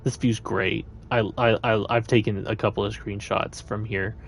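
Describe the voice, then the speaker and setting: A man's voice: fairly low pitch, steady tone, normal speed, gravelly, slight background noise. A man chatting his way through a live gameplay stream, meandering and thinking aloud.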